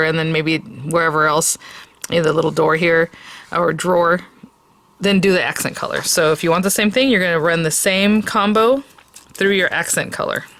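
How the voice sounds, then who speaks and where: A woman's voice: on the low side, a bit bright. A woman hosting a papercraft tutorial, explaining each step as she cuts and checking in with the viewer often, in an enthusiastic and chatty way. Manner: chatty, talks while cutting, checks in with "okay?" and "right?"; enthusiastic, easily delighted. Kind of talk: casual step-by-step craft demonstration.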